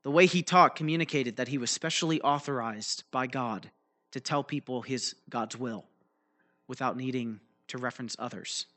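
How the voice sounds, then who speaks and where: A man's voice: mid-range voice, normal speed, fairly bright tone. A man preaching a teaching sermon, explaining a Bible passage loosely and checking in with his listeners as he goes. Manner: explanatory, checks in with frequent "right?" and "okay?"; loose delivery with fillers and restarts.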